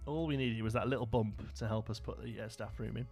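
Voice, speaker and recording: A man's voice: fairly low pitch, steady tone, brisk, gravelly, darkish tone, soft background music. A man giving live, rambling gameplay commentary as a streamer, chatting with his viewers as he plays.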